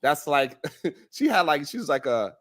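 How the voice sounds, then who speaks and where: Man, show host, fairly high voice, laughing, joking, animated recap. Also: unhurried. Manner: animated, laughs often, drops into mocking quoted voices. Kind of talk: comedic recap of the week's shows.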